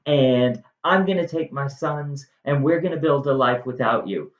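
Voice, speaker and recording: A man's voice: medium pitch, lively intonation, moderate pace, far from the mic, lightly acted. A man voicing a grieving, furious hero who rails at his wife, in a dull, echoey recording. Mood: accusing. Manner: accusing, shouting in anguish.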